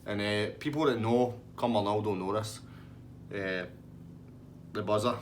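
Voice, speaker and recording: A man's voice: fairly low pitch, unhurried, slight background noise. A man with a Scottish accent telling a comic anecdote in a rambling, laughing way. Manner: rambling, laughing through the story. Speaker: storyteller.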